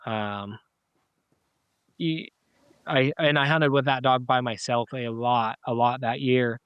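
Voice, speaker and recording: A middle-aged man recounts a personal story as a podcast guest, wandering through it with fillers and false starts. His voice is smooth and clear, middle in pitch. The sound is close and dry, with no room around it. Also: fairly even intonation, takes it slowly, dry recording, lo-fi sound. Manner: rambling, with many fillers and restarts. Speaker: podcast guest, dog owner. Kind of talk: casual storytelling interview.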